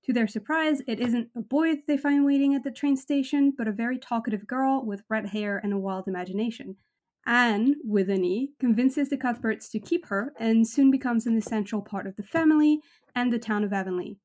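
A woman with a somewhat high voice hosts a casual podcast chat. She laughs easily and reads book passages aloud with plenty of expression. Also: brisk. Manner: reads extracts with lively expression, laughs often. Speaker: podcast host.

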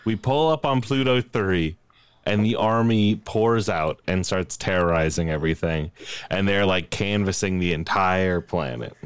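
A man's voice: low voice, a little slow, clean tone, dry recording. A man playing in a tabletop role-play, telling his part in a laid-back, chuckling way. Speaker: player.

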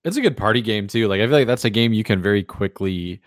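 A man's voice: fairly low pitch, animated, fast, dry recording. Casual young man hosting a chat. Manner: loose, swearing, filler-heavy. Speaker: host asking the group.

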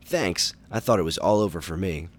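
A man's voice: deep voice, normal speed. A man voicing an eager young male robot superhero, light and upbeat, in a storybook reading. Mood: relieved.

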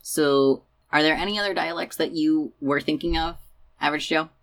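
A woman hosting a casual educational podcast, explaining things patiently and stretching words slowly to demonstrate sounds. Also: deep voice, fairly even intonation, creaky. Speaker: podcast host.

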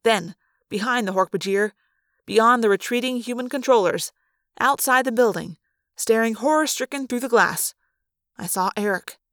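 A woman narrating a first-person adventure story in a fan audiobook, in a steady, expressive storytelling manner. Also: fairly high pitch, normal speed, no room sound, clean studio sound.

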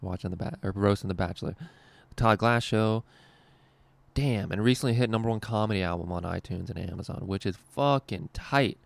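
A young man with a low, gravelly voice tells rambling road stories on his podcast, swearing freely and laughing at his own lines. The sound is close and dry, with no room around it. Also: brisk, no echo. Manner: rambling, profane storytelling with frequent laughs. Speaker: stand-up comedian and podcast host. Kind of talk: casual podcast chat.

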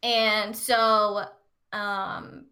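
Bright-voiced woman recapping a film. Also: mid-range voice, extremely slow. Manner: animated, acts out quotes in put-on voices. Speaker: podcast co-host recapping a movie. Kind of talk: casual chat.

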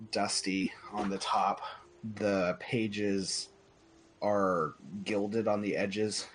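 A man's voice: low voice, fairly bright tone. A man narrating as game master in a casual, loosely improvised way, full of fillers, with faint noise behind.

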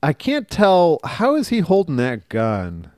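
A man's voice: fairly high pitch, huge pitch swings, a little slow, a little mellow, dry recording. A man co-hosting a casual podcast who jokes around and takes an easygoing line on a comic. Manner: joking, easygoing, defends the comic. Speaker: podcast co-host reviewing a comic. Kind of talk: casual joking chat.

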